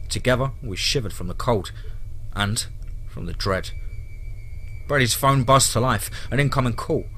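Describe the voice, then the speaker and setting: Male horror narrator, bright tone, grim dramatic reading. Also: medium pitch, a little hiss or hum.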